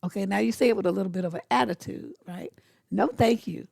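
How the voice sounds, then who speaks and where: A woman's voice: mid-range voice, vocal fry, darkish tone, dry recording, clean studio sound. Blunt, sassy middle-aged woman coach. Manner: blunt, sassy, acts out quick dialogues. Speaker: relationship coach. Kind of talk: casual advice monologue.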